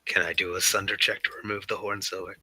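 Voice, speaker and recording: A man's voice: sits low, little pitch movement, fast talker, pushed and bright, husky, dry recording. A man playing at a tabletop game table, joking around and stammering on repeated words. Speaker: player.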